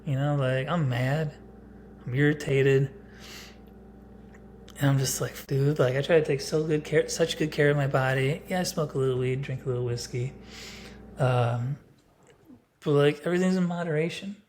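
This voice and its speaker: This thirtysomething vlogger addresses the camera directly, speaking bluntly and rambling with many fillers. His medium-pitched voice is darkish and steady, at a moderate pace with frequent pauses. A slight hiss or hum is audible.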